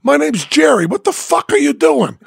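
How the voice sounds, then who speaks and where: Guy doing a mad tough biker magician, yelling and cussing, higher gravelly voice. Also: lively intonation, moderate pace, dry recording, clean studio sound, full character voice. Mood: furious. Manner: angry, swearing, shouting. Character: tough tattooed biker magician man, furious and crude.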